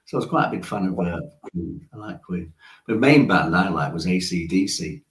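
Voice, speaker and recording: Brief: man, 60s, low-pitched storyteller with frequent chuckles, roomy echo. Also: lively intonation, moderate pace. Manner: chatty storyteller, chuckles often. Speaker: musician guest. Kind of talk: casual interview chat.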